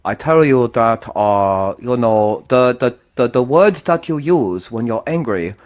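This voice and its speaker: Lively man lecturing with hesitations. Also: medium pitch, measured pace. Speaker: panel participant.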